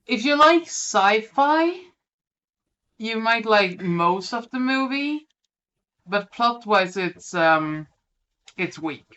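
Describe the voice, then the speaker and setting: Slow, lisping podcast co-host. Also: medium pitch, expressive, sharp tone, muffled recording. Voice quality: lisp. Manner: hesitant, lots of ums. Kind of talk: casual film chat.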